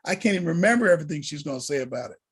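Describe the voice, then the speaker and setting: A man who is a deacon, teaching a college prep lesson to students in an animated, preacher-like way over a video call. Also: fairly high pitch, rapid-fire, breathy edge.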